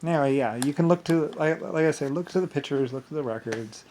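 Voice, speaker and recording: A man's voice: a little high, quick pace, darkish tone, slight background noise. A man talking in a rambling vlog monologue, drifting between thoughts and laughing often. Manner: meandering, laughs often, keeps saying "anyway". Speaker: vlogger.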